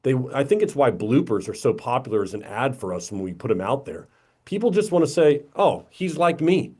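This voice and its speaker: A man talking as a podcast guest, blunt and animated, acting out quotes and swearing casually. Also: medium pitch, fairly quick, husky. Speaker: podcast guest, media company owner.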